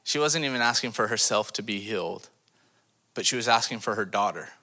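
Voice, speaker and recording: A man preaching a sermon as a missions pastor to a congregation, asking them rhetorical questions and swinging his voice dramatically in pitch and loudness. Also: fairly quick. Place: church service before a congregation.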